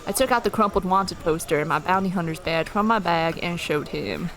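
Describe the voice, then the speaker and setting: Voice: medium pitch, lively intonation, a little fast, hardly any pauses, a bit bright, faint music behind. A streamer reading a western story game aloud, with playful asides.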